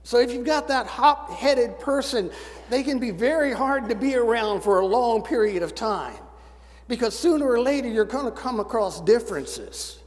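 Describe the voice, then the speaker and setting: Older male preacher, high voice, reverberant church. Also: expressive, moderate pace. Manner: folksy storytelling with dry humor. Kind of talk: sermon. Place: church sanctuary. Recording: church sanctuary with long reverb.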